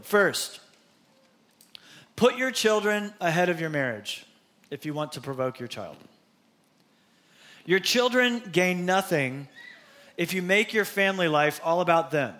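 A man's voice: high-pitched, lively intonation, measured pace, pauses often, a bit bright. A middle-aged man preaching a sermon as pastor, in a conversational style with personal asides.

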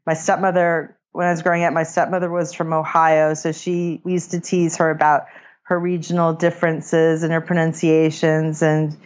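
A chatty woman from California talks through her stories as a podcast guest, restarting her sentences and laughing lightly. Her voice sits fairly low. The recording is dull and lo-fi, without crisp highs. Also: little pitch movement, normal speed. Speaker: author and grammar teacher, podcast guest. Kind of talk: casual interview chat.

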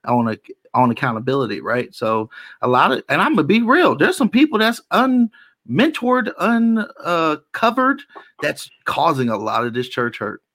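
A man's voice: a little high, sing-song, normal speed, fairly bright tone, no echo. A man in a casual chat about church, preachy and building to emphatic points.

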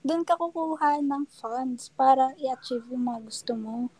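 A woman's voice: sits high, normal speed, mellow, husky, poor audio. A young woman with a Filipino accent in casual chat, explaining her ideas earnestly in Tagalog mixed with English. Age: young adult.

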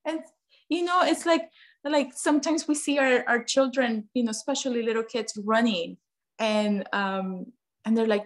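A woman's voice: on the high side, moderate pace. A woman guest in a casual podcast conversation, talking earnestly, often repeating phrases and acting out what parents say to kids.

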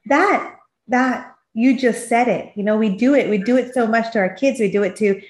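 Animated mother telling stories, echoey room. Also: fairly high pitch, normal speed. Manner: animated storytelling, acts out quoted dialogue. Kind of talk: casual chat.

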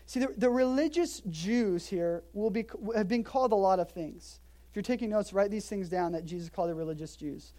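A woman preaching in a church, her voice mellow and warm. She keeps a casual, conversational tone, drops joking asides, and leans in hard when she stresses a point. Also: medium pitch, fairly quick. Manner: emphatic, lively delivery. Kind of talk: expository sermon. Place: church in Hawaii.

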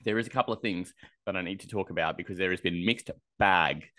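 A man's voice: sits low, quick pace, pushed and bright. An Australian man hosting a fantasy football podcast, chatty and rambling, with a self-deprecating tone. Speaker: podcast host. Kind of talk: casual podcast chat.

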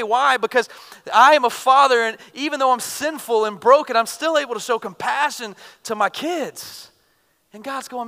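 A man in his thirties preaching a sermon in an earnest, conversational way, shifting between loud bursts and quiet intensity. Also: very high voice, moderate pace. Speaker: pastor. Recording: reverberant hall.

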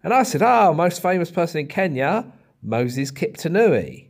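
A man's voice: a little high, big pitch swings, normal speed, creaky. A man, co-hosting a casual comedy podcast and telling wry, self-pleased stories from his stand-up gigs. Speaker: co-host, stand-up comic.

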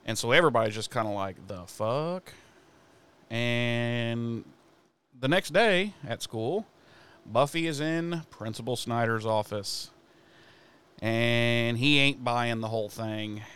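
A man co-hosting a casual recap podcast. His voice is smooth and resonant at a middling pitch, and he tells the story with animated, acted-out quotes and plenty of casual swearing. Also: a little slow. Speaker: podcast co-host.

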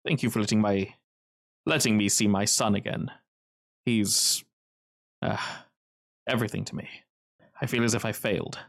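A man's voice: fairly low pitch, fairly even intonation, normal speed, gravelly, pauses often. A man voicing a grieving middle-aged father in a tabletop game, speaking in formal, old-fashioned phrasing. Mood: shaken.

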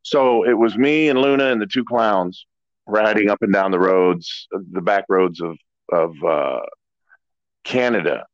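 A middle-aged man, a former wrestler, telling stories in a relaxed, rambling way as an interview guest. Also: on the low side, a little slow, no room sound. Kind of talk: casual storytelling interview. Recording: dull lo-fi dry audio.

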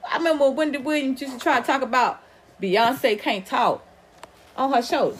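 A woman's voice: high-pitched, very animated, moderate pace, slight background noise. A woman from the American South with an Atlanta drawl, hosting a casual livestream podcast in a profane, rambling way. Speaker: podcast host.

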